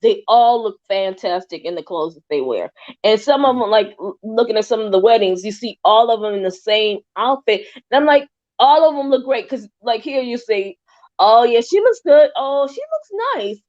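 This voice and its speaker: A woman talking in a casual podcast chat, emphatic and animated, sometimes drifting off topic. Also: medium pitch, moderate pace. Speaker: guest. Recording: dull lo-fi audio.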